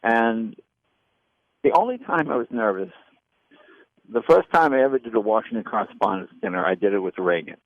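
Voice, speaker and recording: An older man with a gravelly, creaky voice tells show-business stories in an interview. He acts out the other people in them as he goes. The sound is dry and a bit dull, like a lo-fi recording. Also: lowish voice, normal speed, pauses often, dry recording. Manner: animated anecdotes with quoted voices. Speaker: comedian and former talk show host. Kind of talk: storytelling interview.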